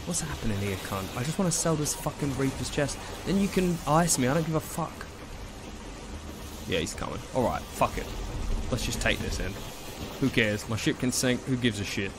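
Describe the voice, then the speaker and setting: A man's voice: medium pitch, expressive, moderate pace. A man streaming a video game alone, chatting casually, rambling and swearing as he plays from home. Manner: rambling, swears freely, trails off. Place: home room.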